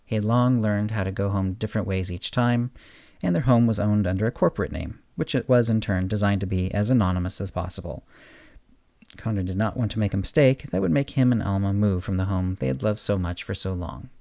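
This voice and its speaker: A man hosting a podcast, reading his own short story aloud in a steady narration. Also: on the low side, a little fast, vocal fry, no room sound. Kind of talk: audiobook-style story narration.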